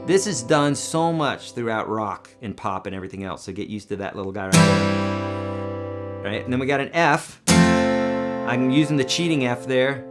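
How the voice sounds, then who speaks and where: A man's voice: mid-range voice, expressive, moderate pace. A man teaching a song on guitar in a live stream, talking casually and breaking into sung lines. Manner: casual, chatty explaining with sung demo lines. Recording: loud guitar playing behind voice.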